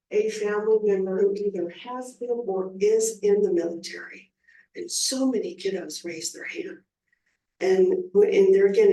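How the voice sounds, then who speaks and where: A woman's voice: medium pitch, mellow. A woman, an elementary music teacher, giving an informal, enthusiastic presentation at a school board meeting. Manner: informal and enthusiastic, with many fillers. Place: meeting room. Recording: roomy, distant meeting-room sound.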